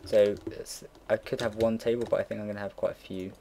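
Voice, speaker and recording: Deep-voiced rambling young man. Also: little pitch movement, fast talker, gravelly, dark tone, slight background noise. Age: late teens. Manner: rambling and easily sidetracked, swears casually. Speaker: game builder narrating a build. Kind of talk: casual gameplay commentary. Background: keyboard typing and mouse clicks.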